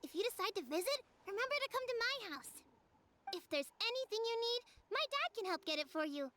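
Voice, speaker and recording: A very high, eager young village girl. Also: very animated, fairly quick, very noisy. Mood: chatty. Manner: eager, chatty, pleading. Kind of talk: video game voice acting. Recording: loud game soundtrack behind.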